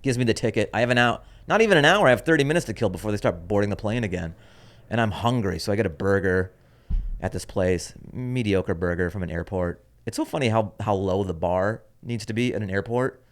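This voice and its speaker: A man's voice: lowish voice, lively intonation, a little fast. A man hosting his own comedy podcast, telling a story in a wry, offhand, rambling way. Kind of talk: casual rambling monologue.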